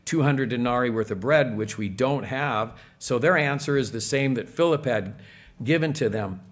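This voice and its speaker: A man's voice: medium pitch, normal speed. A man preaching a sermon in a church, conversational and full of rhetorical questions to the congregation. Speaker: pastor.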